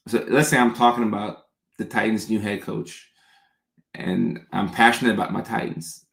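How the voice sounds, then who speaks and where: A man's voice: on the low side, vocal fry, echoey room. A man hosting a casual livestream, chatting as he reads out viewer questions and answers them.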